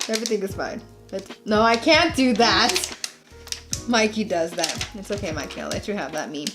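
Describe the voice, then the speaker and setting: A young woman chatting casually through a makeup tutorial, bubbly and jokey, gasping with excitement over her products. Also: mid-range voice, normal speed, music in the background. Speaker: makeup vlogger.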